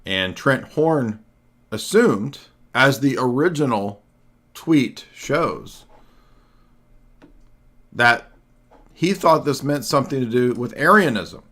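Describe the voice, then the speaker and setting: A man hosting a livestream, delivering combative, sarcastic commentary and often clearing his throat. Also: medium pitch, animated, slow, long pauses, a bit bright. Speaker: livestream host. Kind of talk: argumentative solo commentary.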